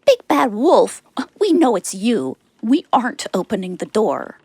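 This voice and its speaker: A woman voicing a group of playful little goat kids in a children's audio story, chattering high and excited. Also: measured pace, slightly rough, dry recording, full character voice. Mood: defiant.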